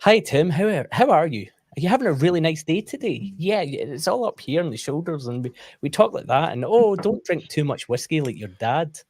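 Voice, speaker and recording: A man putting on an exaggerated, sing-song voice of a cheery male teacher talking slowly to children. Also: a little high, very animated, a little mellow, no echo, voice pushed up. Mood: sing-song cheerful.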